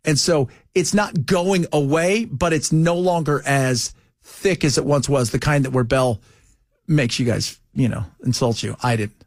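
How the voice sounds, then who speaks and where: A man hosting a talk radio show, chatting casually in an animated, teasing, storytelling way. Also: medium pitch, measured pace, no room sound, clean studio sound.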